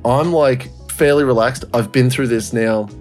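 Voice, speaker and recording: A man's voice: medium pitch, a little slow, a little mellow. Man, podcast co-host, casual storytelling, laughs a lot, swears, faint music behind.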